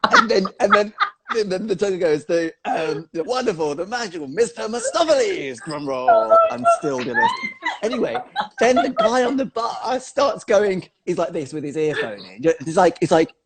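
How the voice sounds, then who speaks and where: Animated man telling a story. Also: high-pitched, normal speed, a loud crowd, low-quality recording. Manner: animated storyteller, filler-heavy. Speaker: guest, choreographer. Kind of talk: casual chat, telling a funny anecdote.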